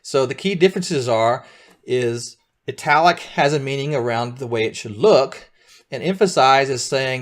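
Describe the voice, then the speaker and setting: A middle-aged man leads a live beginner coding lesson at an even pitch. He explains each step patiently and keeps asking his students whether they are following along. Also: normal speed. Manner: patient, checks in often with students. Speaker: coding teacher.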